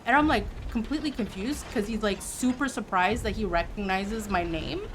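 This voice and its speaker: A woman in her thirties from Quebec, a streamer telling a story to her chat in a casual, animated way. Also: medium pitch, moderate pace, noisy background. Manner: animated, acts out quoted voices.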